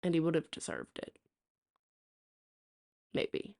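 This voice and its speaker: A woman's voice: slow pace, a little mellow. A young woman streaming, telling a story to her chat in a casual, rambling way full of fillers and restarts. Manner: chatty, many fillers and restarts. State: hiccups.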